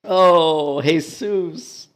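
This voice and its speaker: A man casually commentating on a gameplay clip, animated and mocking, laughing often. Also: on the high side, extremely slow. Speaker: gaming streamer.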